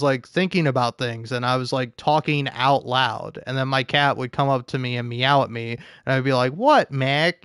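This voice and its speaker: A man's voice: medium pitch, clean tone, no room sound, studio quality. A man live streaming, talking in a casual, rambling, profane and self-deprecating way, often laughing.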